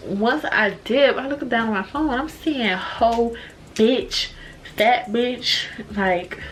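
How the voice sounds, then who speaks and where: A woman in her twenties from the Washington DC area, telling a story to camera in a casual, animated, profane way. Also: fairly high pitch, takes it slowly, slight background noise. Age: 20s. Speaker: vlogger. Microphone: compact camera mic.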